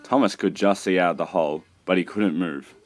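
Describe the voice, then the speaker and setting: A man narrating a children's railway storybook in a steady reading voice. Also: deep voice, moderate pace. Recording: music behind, poor mic.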